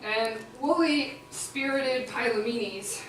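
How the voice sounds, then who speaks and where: A woman's voice: a little high, slow, recorded from a distance, slight background noise. A woman with a Chicago accent performs an ancient epic as live storytelling, breaking off for casual, laughing asides. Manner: casual asides and laughter between recited lines. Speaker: performer-translator. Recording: echoey hall recorded from afar.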